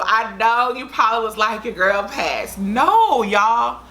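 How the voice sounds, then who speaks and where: A woman's voice: on the high side, lively intonation, measured pace, bright, forceful tone. A young woman vlogger telling a story to her viewers in a chatty, dramatic way. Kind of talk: casual storytime vlog.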